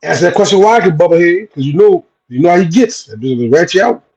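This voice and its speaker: A man's voice: lively intonation, fast, a little mellow, husky, dull audio. A man co-hosting a casual livestream, teasing his partner and joking about comments. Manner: teasing, swinging pitch.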